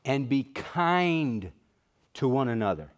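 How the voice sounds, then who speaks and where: A man's voice: medium pitch, big pitch swings. Earnest man preaching a sermon. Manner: earnest, emphatic preaching with slowed stresses on key words. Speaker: pastor.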